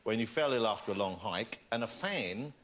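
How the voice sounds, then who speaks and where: A man's voice: fairly low pitch, lively intonation, moderate pace. A man interviewing a band, teasing and laughing as he asks playful questions. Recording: loud crowd and noise.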